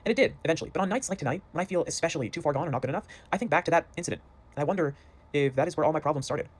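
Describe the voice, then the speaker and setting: A man tells a story about himself in a dry, self-deprecating way. He talks very fast in a slightly raised voice. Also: on the high side. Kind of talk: storytelling monologue.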